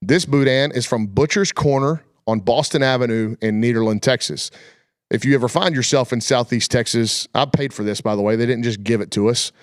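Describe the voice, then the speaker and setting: A man hosts a casual sports talk show, spinning his points in a folksy, colloquial way. His voice sits at an ordinary middle pitch. The sound is dry and close, with no room around it. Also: brisk, no room sound. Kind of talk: casual chat.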